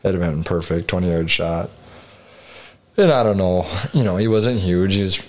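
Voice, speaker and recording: A man's voice: deep voice, normal speed, darkish tone. A man co-hosting a podcast, rambling through a hunting story in casual chat with frequent swearing. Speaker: podcast co-host.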